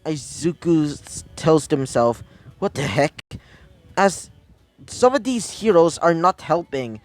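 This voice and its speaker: A man's voice: a little high, very animated, a little slow. A man improvising a fan story, rambling with many fillers and restarts.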